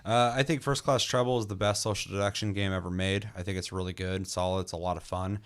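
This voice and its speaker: A man's voice: low-pitched, steady tone, quick pace, clean tone. A man co-hosting a gaming podcast in casual chat, swearing freely and telling stories with energy. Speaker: podcast co-host reviewing games.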